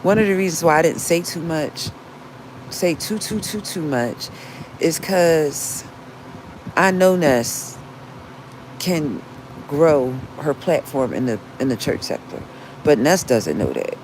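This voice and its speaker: A woman's voice: deep voice, expressive, takes it slowly, pauses often, a little mellow, a little hiss or hum, poor audio. Earnest woman livestreamer repeating herself. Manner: earnest, repetitive, restarts often, cites scripture. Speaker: livestream host. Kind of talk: casual livestream talk, preaching.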